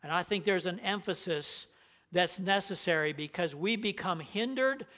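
High-voiced earnest male preacher. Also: normal speed, sharp tone. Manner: earnest, emphatic, stresses key words. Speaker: pastor. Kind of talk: sermon.

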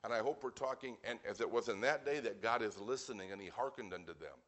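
A man's voice: fairly low pitch, a bit bright. Earnest man preaching a sermon. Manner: earnest, plain-spoken, with wry asides and slow, weighty scripture reading. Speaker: pastor. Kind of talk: evening sermon.

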